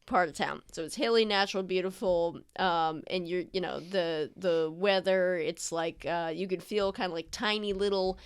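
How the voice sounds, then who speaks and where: Smooth-voiced woman narrating as game master. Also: fairly low pitch, normal speed, hardly any pauses. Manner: relaxed, rambling, many fillers. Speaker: dungeon master.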